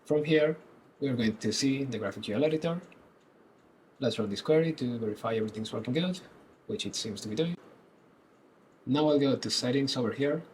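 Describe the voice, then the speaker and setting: A man presenting a screen-recorded web development tutorial, explaining each step calmly. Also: medium pitch, fairly quick, long pauses, slight background noise, low-quality recording.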